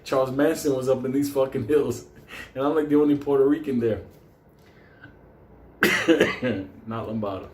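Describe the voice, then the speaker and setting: A man's voice: mid-range voice, normal speed, pauses often, darkish tone. A man telling a story casually, swearing constantly and chuckling between lines. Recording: roomy with faint background noise.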